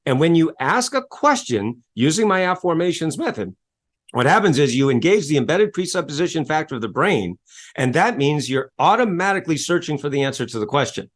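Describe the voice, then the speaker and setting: A man who works as a self-help coach, telling stories as a guest in an interview with a salesy, animated manner, acting out quotes and spelling words letter by letter. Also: on the high side, a little fast. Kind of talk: enthusiastic storytelling interview talk.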